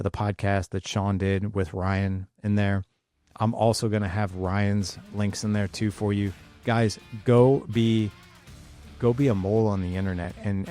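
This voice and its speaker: A man's voice: fairly low pitch, darkish tone. A man in his fifties hosting a solo podcast, speaking with urgency and passion and repeating key points for emphasis. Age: 50s. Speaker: podcast host.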